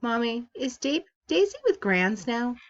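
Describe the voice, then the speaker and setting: A woman reading aloud, voicing an earnest young boy who asks soft questions. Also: fairly high pitch, big pitch swings, measured pace, muffled recording, voice pushed up. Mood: questioning.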